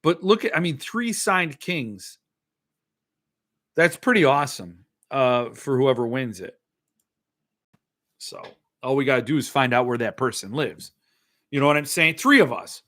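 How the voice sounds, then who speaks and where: A man's voice: medium pitch, expressive, unhurried, pauses often, fairly bright tone. A middle-aged man hosting a casual live show, rambling and joking as he reads viewer comments aloud. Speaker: podcast host. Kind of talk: casual livestream chat.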